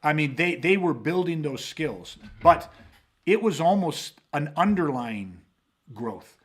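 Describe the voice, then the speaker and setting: A man's voice: fairly high pitch, lively intonation, slow, slightly rough. A man hosting a podcast about self-defense, telling stories animatedly with lots of swearing and restarts. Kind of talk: casual podcast talk.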